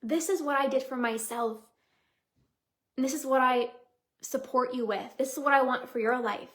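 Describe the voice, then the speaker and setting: A woman's voice: sits high, moderate pace, fairly bright tone. A young woman hosting a solo motivational podcast as a coach, talking earnestly and heartfelt, with lots of repetition and "like". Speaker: podcast host and binge-eating coach.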